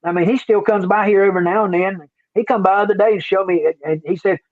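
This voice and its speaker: With a high-pitched voice, this older livestream host talks fast and barely pauses, rambling in a folksy way and repeating himself during casual chat. The recording is dry and tinny, like a phone line.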